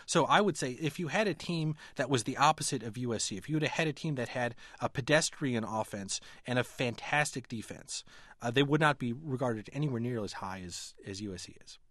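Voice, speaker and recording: A man's voice: medium pitch, animated, a little fast, fairly bright tone, no room sound. Analytical male guest in a radio interview. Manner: analytical, with frequent restarts. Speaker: magazine editor and writer, guest.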